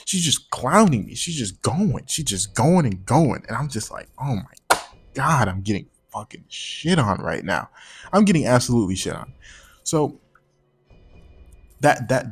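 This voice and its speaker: A man's voice: mid-range voice, slightly rough. A man telling a personal story in a casual storytime monologue, slangy and profane, rambling and repeating words.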